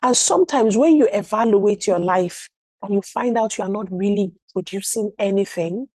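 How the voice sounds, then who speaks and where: A woman's voice: medium pitch, normal speed, a little mellow, dry recording, low-quality recording. A woman preaching a sermon in church, firing rhetorical questions and acting out short scenes. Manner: emphatic, asks rhetorical questions, acts out little scenes.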